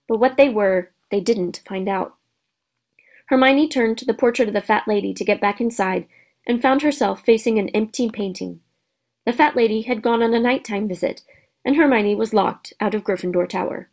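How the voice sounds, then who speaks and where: A woman reading a children's storybook aloud as narrator, steady and expressive. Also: mid-range voice, moderate pace, creaky. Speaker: audiobook narrator.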